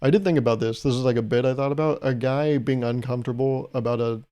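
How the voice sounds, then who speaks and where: A man's voice: medium pitch, steady tone, fast talker, warm tone, clear, resonant tone. A young man hosting a solo podcast, talking in a loose, rambling, jokey way and chuckling at his own bits. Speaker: podcast host.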